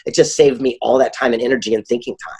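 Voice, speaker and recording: A man with a slightly husky voice chats as an interview guest. He tells his stories with energy and acts out the people he quotes in them. His pitch sits in an ordinary middle range for a man. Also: fast. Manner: animated, acts out quoted dialogue. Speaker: author and keynote speaker, guest. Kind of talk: casual interview storytelling.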